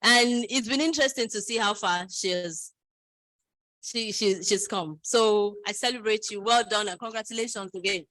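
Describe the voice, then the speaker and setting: A woman's voice: mid-range voice, normal speed, dry recording, poor audio. A middle-aged woman giving a speech at a graduation ceremony, telling stories and acting out the voices of others. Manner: storytelling, lively, quotes others in voices.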